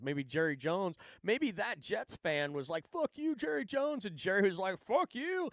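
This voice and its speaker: A man's voice: a little high, no room sound, studio quality. Profane ranting male streamer. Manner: profane, blunt, sarcastic. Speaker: livestream host. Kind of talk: ranting casual commentary.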